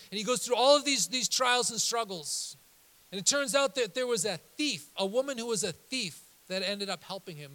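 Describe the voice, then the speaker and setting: A man preaching, telling a story in an animated way that swings from loud emphasis to hushed, low passages. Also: slight background noise, low-quality recording. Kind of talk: sermon storytelling.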